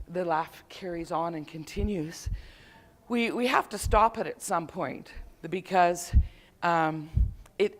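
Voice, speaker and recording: Speaking in a fairly low pitch, a female instructor runs a laughter yoga session for a live group at a conference. She is playful, laughs easily, and leads chants and calls to the group.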